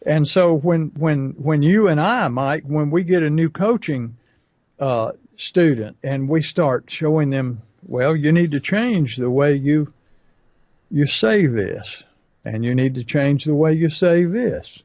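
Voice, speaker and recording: Man, folksy storyteller, slightly high voice, dry muffled sound. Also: animated, slow pace, darkish tone, no room sound. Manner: folksy storytelling with acted asides. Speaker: podcast co-host and business coach. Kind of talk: casual podcast talk.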